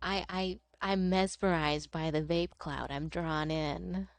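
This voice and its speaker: A young woman streamer rambling through casual chat over a game. She swears freely and laughs often in a lowish voice. The sound is close and dry. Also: fairly even intonation, slow, no echo. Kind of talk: casual chat while gaming.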